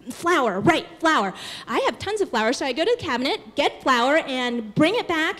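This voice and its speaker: A young woman telling a true personal story on stage at a live storytelling show, animated and self-mocking, acting out the voices in her head. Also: high-pitched, normal speed. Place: stage before a live audience.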